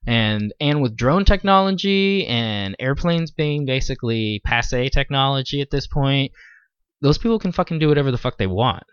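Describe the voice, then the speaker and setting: A man's voice: mid-range voice, animated, moderate pace, clean tone, dry recording, lo-fi sound. A man co-hosting a casual podcast chat, rambling and swearing freely, with many fillers and restarts. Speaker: podcast co-host.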